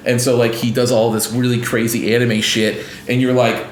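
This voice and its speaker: A man's voice: mid-range voice, flat delivery, moderate pace, hardly any pauses, roomy sound, slight background noise. A man co-hosting a casual gaming podcast, rambling with lots of restarts and fillers and acting out scenes as he retells them. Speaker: podcast co-host.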